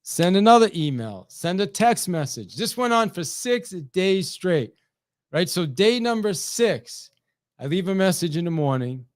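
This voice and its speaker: A middle-aged man, a sales trainer, talking to camera in an energetic, chatty way, often repeating words and tossing in "right?" as he goes. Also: high voice, unhurried, no echo, clean studio sound.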